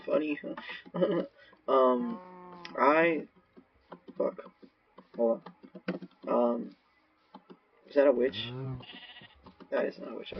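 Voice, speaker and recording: A man's voice: a little high, very slow, long pauses. A man rambling through solo gameplay commentary on a cheap microphone, erratic and given to shrieking and swearing at sudden scares. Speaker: gaming video creator. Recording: dull lo-fi mic with faint hiss.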